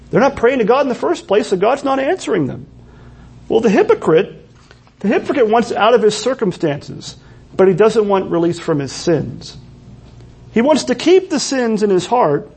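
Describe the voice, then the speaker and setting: A man's voice: sits high, gravelly, darkish tone, husky. A man preaching a sermon in a church, earnest and full of rhetorical questions. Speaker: pastor.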